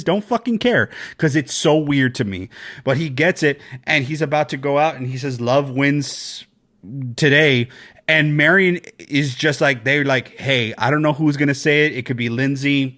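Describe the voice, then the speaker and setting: A man co-hosting a casual podcast, talking in an animated, excitable way and swearing freely. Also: brisk. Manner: animated, excitable, swears, jumps to high pitch when quoting. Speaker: podcast co-host.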